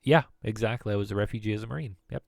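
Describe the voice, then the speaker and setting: A man's voice: fairly low pitch, very fast, vocal fry, darkish tone, no room sound, studio quality. A man in his late thirties, from the former Soviet Union, streaming from home and chatting in a rambling way, often laughing and restarting sentences. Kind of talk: casual rambling chat.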